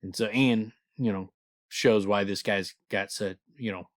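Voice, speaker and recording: A man's voice: fairly low pitch, fairly even intonation, unhurried, no echo, studio quality. A man co-hosting a podcast, chatting casually about a book, rambling and swearing freely and reading passages aloud. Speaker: podcast co-host.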